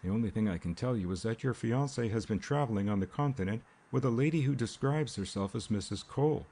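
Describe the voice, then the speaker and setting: A man doing a small, fact-obsessed investigator in a read-aloud mystery, blunt and emphatic. His delivery is direct and sure. The voice sits low and husky. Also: fast talker, warm tone.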